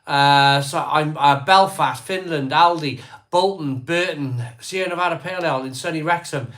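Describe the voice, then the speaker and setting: Brief: male live-stream host, fairly high voice, rattles through viewer comments casually. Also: fairly bright tone. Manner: rattles off viewer places and beers in quick lists.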